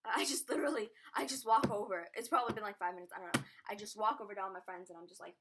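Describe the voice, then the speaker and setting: A woman's voice: mid-range voice, steady tone, rapid-fire, background noise. A teenage girl telling a rambling, giggly story to camera, full of "like" and little asides. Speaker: vlogger. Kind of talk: casual storytime chat.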